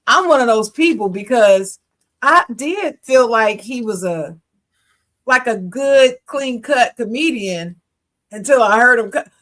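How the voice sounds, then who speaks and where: A woman's voice: a little high, a bit bright. Woman, podcast co-host, casual and opinionated, chatty with easy laughs. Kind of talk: casual chat.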